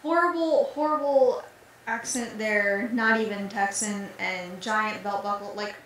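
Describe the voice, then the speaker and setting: A woman's voice: medium pitch, unhurried, fairly bright tone, a little hiss or hum. A woman co-hosting a casual movie-review podcast, opinionated and emphatic. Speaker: podcast co-host. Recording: echoey room, far from mic.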